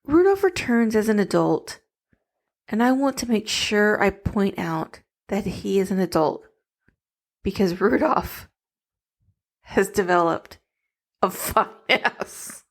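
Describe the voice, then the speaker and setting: A woman's voice: medium pitch, animated, slow, long pauses. A young adult woman co-hosting a podcast in casual chat, giggly and teasing, with many restarts as she recaps a plot. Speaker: podcast co-host.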